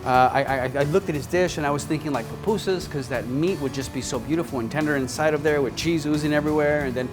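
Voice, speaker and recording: A chatty man hosts a cooking show, keeping things upbeat and talking straight to the viewer. His voice sits a bit high for a man, with music playing clearly underneath. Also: fast talker, hardly any pauses. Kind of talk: casual cooking demonstration. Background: sizzling pan and background music.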